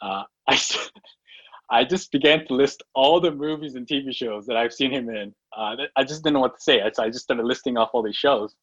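A pastor telling a self-mocking story in a sermon, with many fillers and restarts. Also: male voice, mid-range voice, breathy edge, dry recording. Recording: dull lo-fi recording.

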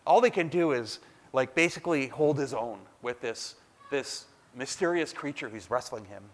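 A man's voice: mid-range voice, expressive, normal speed. A man preaching a sermon as a pastor, talking casually and building to emphatic bursts.

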